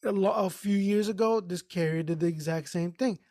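A man's voice: sits high, fairly quick, no echo, clean studio sound. A man telling a work story in casual podcast chat, swearing and acting out what people said. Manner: profane, animated retelling with quoted voices. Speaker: podcast co-host.

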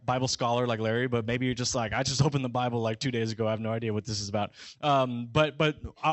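A young man preaches in a relaxed, chatty way, tossing in "right?" over and over and putting on the voices of puzzled listeners. His voice sits in a middle pitch, and it is recorded close and dry, with no room sound. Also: dry recording. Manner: conversational, keeps asking "right?", acts out listeners' reactions. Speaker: pastor. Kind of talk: casual sermon.

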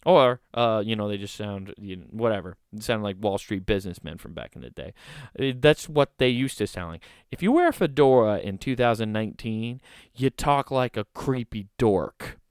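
A man's voice: lowish voice, animated, moderate pace, smooth, no room sound, studio quality. A man hosting a comedy podcast, giving sarcastic, mocking commentary and laughing often.

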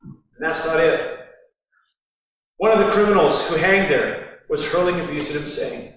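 A man's voice: fairly high pitch, unhurried, long pauses, a bit bright. A man preaching a sermon, acting out the mockers' lines with sarcasm. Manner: acts out the mockers' voices with sarcasm. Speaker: pastor. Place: large echoing hall. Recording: distant mic in a reverberant hall.

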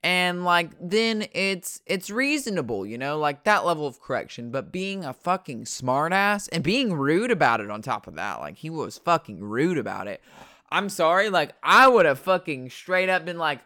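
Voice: medium pitch, moderate pace, no room sound. A podcast host rants and rambles through a story from the desk, cursing freely and tripping over their own restarts. The sound is close and dry, and the voice sits in a middle register. It has the easy, unpolished feel of a solo show recorded at home. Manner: profane, ranting storyteller; animated, fillers and restarts. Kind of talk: casual rambling monologue. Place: at a desk indoors.

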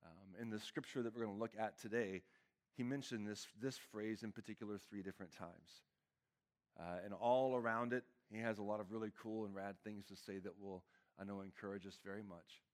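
A man's voice: lowish voice, fairly even intonation, brisk. A young man, a pastor giving a casual, chatty sermon with lots of fillers.

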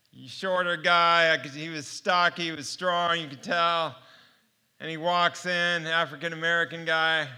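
Bright-voiced man giving a testimony. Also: on the high side, clean tone. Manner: storytelling, heartfelt, animated. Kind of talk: personal testimony sermon.

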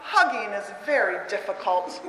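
Woman voicing a small earnest dinosaur boy, plain deliberate read, roomy reverb. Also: medium pitch, a little hiss or hum, pitched below the performer's own voice, close to an everyday voice. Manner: slow, flat, deliberate reading of period-ended lines. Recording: roomy hall with long echo.

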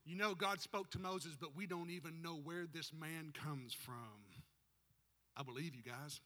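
High, bright-voiced preacher. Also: male voice, a little slow. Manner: animated, rising to shouts to rouse the congregation. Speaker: pastor. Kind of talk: sermon. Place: church sanctuary. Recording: long hall reverb.

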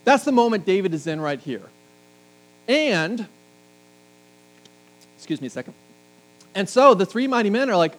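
A man in middle age delivers a sermon in a slightly high voice. He speaks conversationally and drops in jokes and asides to the congregation. A faint electrical hum runs under the recording. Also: sing-song, moderate pace, pauses often, poor audio. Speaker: pastor.

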